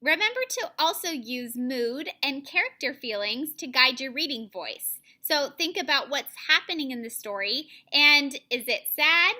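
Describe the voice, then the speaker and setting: Bright high-voiced woman teacher. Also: expressive. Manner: clear, deliberate modeling of phrasing. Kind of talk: online reading lesson for children.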